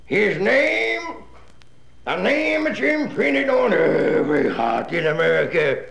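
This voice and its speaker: A man's voice: sits high, big pitch swings, slow pace, vocal fry, fairly bright tone, heavily acted. A man voicing a bombastic male senator who declaims in a grandiose way, in a comedy radio sketch. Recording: roomy echoey recording.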